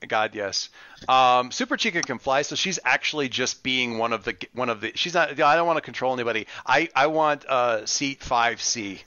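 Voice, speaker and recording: Over a muffled, lo-fi online voice call, a man runs a tabletop game as game master, rambling with lots of fillers and restarts. His voice is mid-range and sharp, his pace moderate, and there's no room sound.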